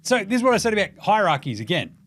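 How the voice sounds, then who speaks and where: Young aussie bloke, sweary and animated, bit of a higher voice, talking hoops casually. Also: male voice, quick pace, dry recording. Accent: Australian. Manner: profane, animated, mocking impressions. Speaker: podcast host. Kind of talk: casual sports commentary.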